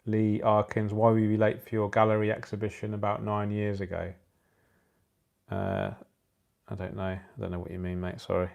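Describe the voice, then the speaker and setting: Streaming from his phone, this aquascaping channel host, a man in his forties, sounds tired yet keeps joking and chatting, laughing at his own gags. His lowish, gravelly voice is a little mellow, delivered completely flat at a moderate pace. The audio is dull.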